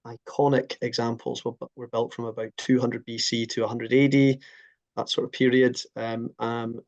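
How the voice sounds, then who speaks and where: A male interview guest from a heritage project, explaining in a measured, thoughtful way with frequent ums. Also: mid-range voice, poor audio.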